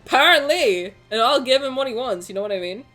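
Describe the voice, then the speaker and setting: A young woman streaming a game, chatting playfully to her viewers, joking and breaking into excited shouts. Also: fairly high pitch, fast talker, faint music behind. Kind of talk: casual game stream commentary.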